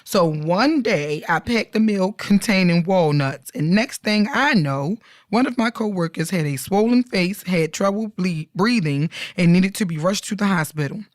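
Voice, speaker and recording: Lively woman podcast host, dry studio sound. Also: fairly low pitch, normal speed, hardly any pauses, dry recording. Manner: animated, laughs often, playful slang asides. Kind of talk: casual chat, reading stories aloud.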